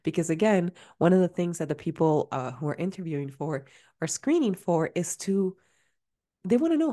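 A woman's voice: fairly low pitch, expressive, normal speed, dark tone. A woman hosting a career-coaching podcast in a chatty, casual way, full of fillers and restarts. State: out of breath at times.

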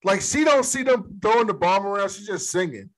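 A man with a high-pitched, lively voice talks a little fast as he co-hosts a podcast. He casually recaps a movie scene by scene, laughing often and swearing freely as he tells it.

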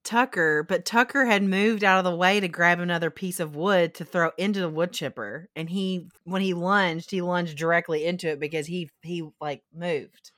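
A woman's voice: lowish voice, fairly even intonation, normal speed, hardly any pauses, fairly bright tone, no echo, studio quality. Woman co-host with laughing blunt asides. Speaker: podcast co-host. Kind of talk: casual movie review chat.

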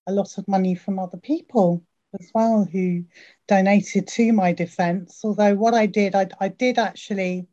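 A woman's voice: mid-range voice, fairly even intonation, normal speed, mellow. A woman being interviewed as a podcast guest, answering modestly and carefully with some hesitation. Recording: dull lo-fi sound.

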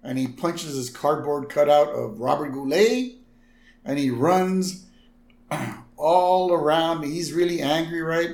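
A man's voice: on the high side, slow pace, vocal fry, roomy sound. A man co-hosting a podcast, casually retelling a cartoon episode with frequent laughter. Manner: laughs often, lively retelling. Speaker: podcast co-host. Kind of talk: casual chat recapping an episode.

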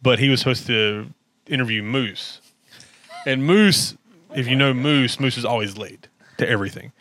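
A man telling stories in casual chat, animated and laughing often. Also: medium pitch, normal speed.

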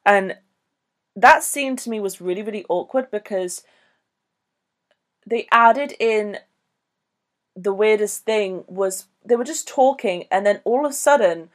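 A woman co-hosting a podcast, talking casually about a film in a rambling, animated way. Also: mid-range voice, measured pace, long pauses. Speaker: podcast co-host.

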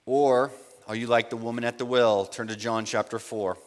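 A man preaching a sermon, asking his listeners rhetorical questions and speaking in slow, emphatic phrases. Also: medium pitch, steady tone. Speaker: pastor. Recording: long reverb of a large hall.

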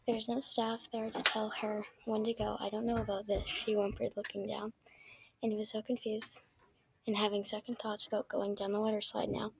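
A woman's voice: mid-range voice, little pitch movement, moderate pace, creaky, a little hiss or hum. A woman reading a children's story aloud in a plain way, with small slips and restarts. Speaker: reader.

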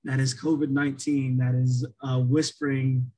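Husky-voiced man, co-host, casual and rambling, heavy on fillers. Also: medium pitch, flat delivery, normal speed, warm tone, poor audio. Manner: rambling, many restarts and fillers. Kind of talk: casual chat.

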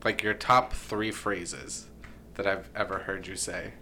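A young man in casual chat among friends, relaxed and teasing, often trailing off mid-sentence. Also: low voice, a little slow, a little hiss or hum.

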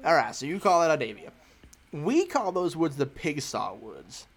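A man voicing a gruff, short-tempered rural Southern truck owner with a Southern US accent, blunt and drawling. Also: on the high side, sing-song, moderate pace, exaggerated voice. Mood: explaining. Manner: blunt, drawling, swears casually.

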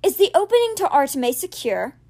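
A woman voicing an anxious, scheming young male high priest in a storybook reading, muttering and sometimes barking orders. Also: big pitch swings, brisk, dark tone. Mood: shouting.

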